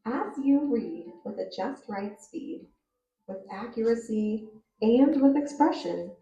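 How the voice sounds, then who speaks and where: A woman teacher explaining reading fluency in a clear, measured way and reading a story aloud to show it. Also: on the high side, expressive, dark tone, highs cut off, faint music behind. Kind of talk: reading instruction with read-aloud demos. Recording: roomy, distant recording.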